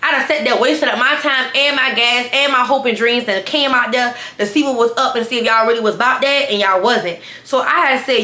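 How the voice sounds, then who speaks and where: A young woman tells a story in a lively, sassy way and keeps turning to her viewers. Her voice is bright and forward, and the room gives it a noticeable echo. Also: a little high, quick pace. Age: 20s. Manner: animated, sassy, talks straight to viewers. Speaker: storytime vlogger. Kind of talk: casual storytime.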